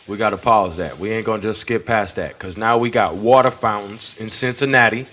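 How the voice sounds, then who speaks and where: A man with a bright, forceful voice that sits a little low, hosting a lesson in loose, slangy commentary. He talks straight to his audience and swears freely. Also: fairly even intonation, fairly quick, hardly any pauses. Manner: blunt, profane and slangy, talking straight to viewers. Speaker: online history lesson host. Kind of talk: casual commentary over a played video.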